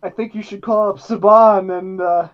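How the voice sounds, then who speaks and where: A man's voice: sits high, steady tone, moderate pace, lo-fi sound. A man co-hosting a podcast in casual chat. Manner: short reactions and laughs. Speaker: podcast co-host.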